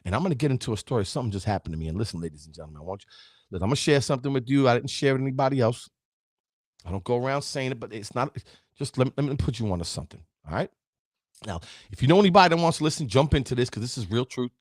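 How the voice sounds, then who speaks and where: A man's voice: medium pitch, lively intonation, rapid-fire, dry recording, clean studio sound. A middle-aged man hosting a live motivational stream, talking straight to his viewers and the chat. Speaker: host of a live positivity show.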